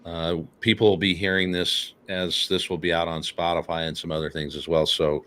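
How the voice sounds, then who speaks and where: A man hosting a casual talk show, speaking earnestly and haltingly with many fillers. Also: sits low, flat delivery, pushed and bright. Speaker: podcast host.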